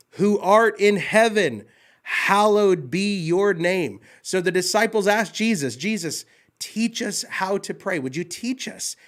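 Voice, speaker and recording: A man hosting a devotional talk show, fired up and emphatic, often repeating himself as he speaks. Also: high-pitched. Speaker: host.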